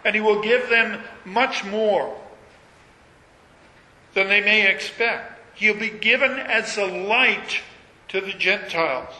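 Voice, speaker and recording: A man preaching a sermon, reading scripture aloud and rising to emphatic, high-pitched peaks on key phrases. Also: takes it slowly, long pauses, sharp tone. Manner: reads scripture in King James wording, builds to emphatic high peaks. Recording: echoey hall with long reverb, faint ambience.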